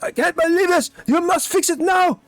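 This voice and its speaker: A man's voice: moderate pace, no echo. A man doing a frantic shrieking wizard. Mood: frantic yelling. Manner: frantic high yelling. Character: panicked shouting male wizard Turan.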